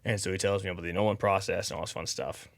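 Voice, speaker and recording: A man's voice: low-pitched, fairly even intonation, rapid-fire, creaky, no echo, studio quality. A man guest on a podcast, telling a personal story in a rambling, casual way, full of "you know" and "like". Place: studio.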